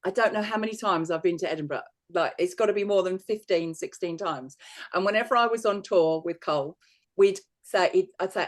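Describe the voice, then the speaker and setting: A man's voice: high voice, a little fast. A man, a psychic medium, telling rambling stories in casual chat and laughing often.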